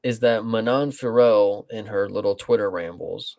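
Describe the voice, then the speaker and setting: A man's voice: lowish voice, normal speed, darkish tone, no echo, studio quality. A man co-hosting a casual show breaking down fights, rambling and swearing freely. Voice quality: gravelly, profane, rambling. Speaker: co-host.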